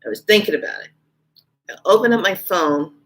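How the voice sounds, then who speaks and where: A woman vlogger casually telling a personal story, her voice leaping up when she quotes herself. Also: a little fast. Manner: animated, jumps high in pitch when quoting herself. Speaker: spiritual vlogger.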